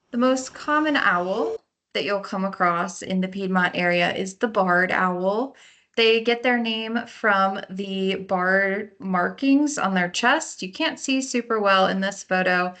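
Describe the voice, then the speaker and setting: In a lecture on birding by ear, a female park naturalist speaks with a medium-pitched voice that's bright and forceful. She keeps things friendly while explaining bird sounds, imitating a call here and there.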